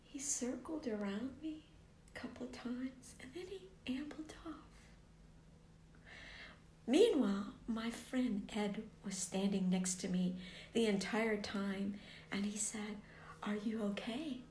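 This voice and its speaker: A woman tells a personal story slowly and earnestly, her voice often sinking to a hushed near whisper before rising on words she stresses. She was recorded in a roomy, echoing space with a faint hiss of noise behind her. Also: fairly high pitch. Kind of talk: personal story told to viewers. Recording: echoey room, faint background noise.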